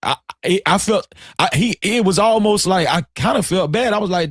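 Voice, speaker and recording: A man telling a story casually on a live stream, animated and profane, often repeating himself. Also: sits high, brisk, no echo, studio quality.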